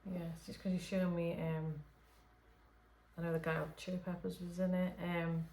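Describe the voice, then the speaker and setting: Lady medium rambling late at night, lowish voice, lots of ums, roomy echo. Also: little pitch movement, normal speed. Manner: hesitant, many fillers and restarts; talks softly at late night hours. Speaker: spirit medium. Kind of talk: unscripted channelling session talk.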